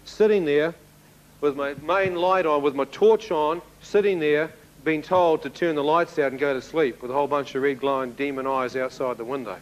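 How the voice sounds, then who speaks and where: A man giving a spoken testimony to an audience, telling his story in an animated way and acting out the dialogue. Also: on the high side, lo-fi sound, slight background noise. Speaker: speaker giving a personal testimony.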